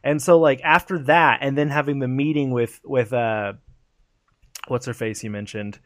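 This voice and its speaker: A man co-hosting a casual gaming podcast, animated and profane, acting out game scenes in quick put-on voices. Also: mid-range voice, no echo, clean studio sound. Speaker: podcast co-host.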